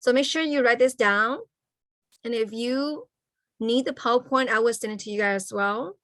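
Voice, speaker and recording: A woman's voice: fairly high pitch, a bit bright, no room sound. Woman teaching over a video call. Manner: checks in with "okay?" after nearly every point; slow, careful spelling-out of letters and sounds. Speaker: Hmong language teacher. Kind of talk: online language lesson.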